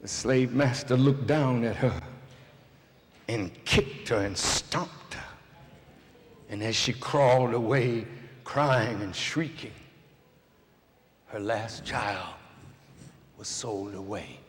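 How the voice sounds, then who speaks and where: A man, a minister, delivering a fiery sermon to a large crowd. He swings from shouting down to hushed storytelling. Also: mid-range voice, slow, long pauses. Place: large indoor arena. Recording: long reverb of a large arena.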